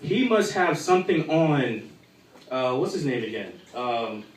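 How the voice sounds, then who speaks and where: At a live comedy show in a bar, a young man performs a crude, rambling stand-up set loaded with fillers. His mid-range voice swings widely in pitch and moves a little slowly, captured from a distance in an echoey room.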